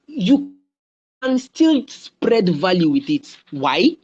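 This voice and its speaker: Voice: medium pitch, husky. Nigerian motivational speaker, young adult, repeats points and checks in with the audience, muffled lo-fi call audio. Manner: repeats phrases, keeps checking in with listeners. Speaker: webinar speaker. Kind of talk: motivational webinar talk.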